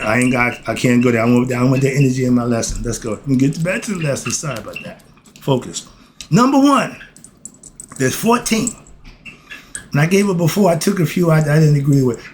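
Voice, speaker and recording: A man with a fairly high voice teaches an informal lesson in a streetwise, preachy way. He swears and laughs, flares into heated rants, then calms himself down. There is faint noise behind him. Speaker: self-styled philosophy teacher. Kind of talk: informal spoken lesson to viewers.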